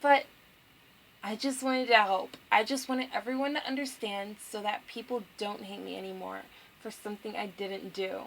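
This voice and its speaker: A woman's voice: mid-range voice, fairly even intonation, moderate pace, vocal fry, fairly bright tone, rough recording. A woman voicing a desperate teenage girl heroine from a dating game, reading her lines in a pleading way. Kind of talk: reading game dialogue aloud.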